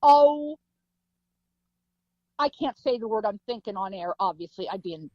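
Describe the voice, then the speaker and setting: A woman's voice: medium pitch, fast talker, dry recording, muffled recording. A woman guest, a psychic medium, telling a story vividly in an interview, acting out sounds and voices. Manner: vivid storytelling with sound effects and acted quotes.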